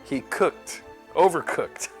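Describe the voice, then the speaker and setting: A man's voice: on the high side, takes it slowly. A man live-streaming a game, chatting casually and playing a mock-exasperated father scolding his chat. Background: faint game music.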